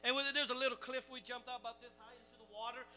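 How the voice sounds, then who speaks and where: High bright-voiced preacher guy, animated storyteller, pokes fun at himself. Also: very fast. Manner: animated, self-deprecating storyteller. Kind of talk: storytelling sermon.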